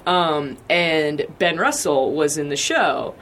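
A woman guest on a podcast, chatting casually, laughing often and pausing on fillers as she tells a story. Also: deep voice, animated, a bit bright, slight background noise. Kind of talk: casual chat.

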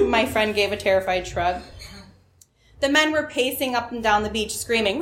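A woman's voice: fairly high pitch, animated, moderate pace, a bit bright, reverberant. A woman telling a personal story to an audience, wry and self-mocking, often laughing at her own lines.

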